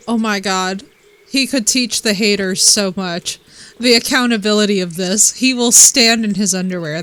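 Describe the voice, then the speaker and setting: A woman's voice: a little high, measured pace, fairly bright tone. A young woman streaming a game, chatting casually and trash-talking with a playful, brash manner. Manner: brash, playful trash talk with frequent laughs. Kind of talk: casual gaming stream chat. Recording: game music playing behind.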